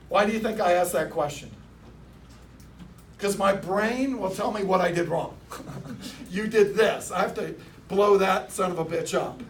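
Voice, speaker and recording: A man's voice: high voice, recorded from a distance, slight background noise. A man coaching a room of car salespeople, speaking in punchy lines and getting the crowd to answer back. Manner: punchy, rallies audience into call-and-response. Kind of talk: motivational sales talk. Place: dealership meeting room.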